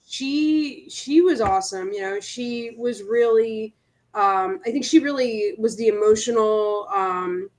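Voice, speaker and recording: A woman's voice: on the high side, a little slow, a little mellow. A woman co-hosting a casual movie review chat, thoughtful and a little hesitant. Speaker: co-host.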